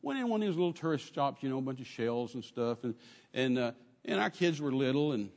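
A man preaching a sermon in an animated way, acting out quotes and dropping at times to a soft murmur. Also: medium pitch, a little fast, in a large hall. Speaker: pastor.

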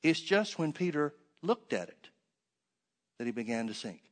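A man preaching a sermon, reading scripture aloud and then explaining it with rhetorical questions, swinging between loud emphatic stresses and hushed asides. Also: a little high, very animated, normal speed.

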